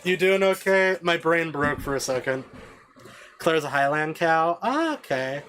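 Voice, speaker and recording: A man's voice: fairly high pitch, expressive, a little slow, a bit bright, slight background noise. A man streaming a game, chatting casually with viewers and rambling with many fillers and restarts at a home desk mic.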